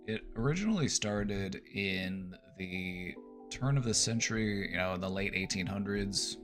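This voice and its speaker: Casual male Q&A host, lowish voice, loose and chatty, laughs between points. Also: a little slow, music in the background. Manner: chatty, lots of fillers, laughs at his own jokes. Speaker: host answering viewer questions. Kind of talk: casual chat.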